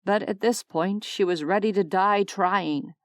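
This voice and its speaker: Woman, audiobook narrator, steady expressive reading, middle pitch, dry close mic. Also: unhurried, no echo. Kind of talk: scripted narration.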